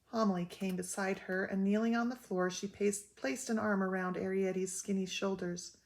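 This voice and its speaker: Older lady reading a kids' story, slow and gentle, a bit of fry in it. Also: mid-range voice, fairly even intonation, a little hiss or hum. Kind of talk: reading a children's book aloud.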